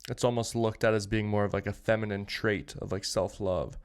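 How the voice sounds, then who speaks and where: A man's voice: on the low side, steady tone, fairly quick, clear, resonant tone. A man co-hosting a podcast, talking casually and rambling, with plenty of filler words and restarts. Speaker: podcast host.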